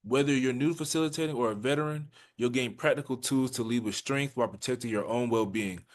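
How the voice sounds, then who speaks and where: A man co-hosting a webinar, reading the session description aloud in a brisk, promotional way. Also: medium pitch. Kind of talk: reading a scripted blurb.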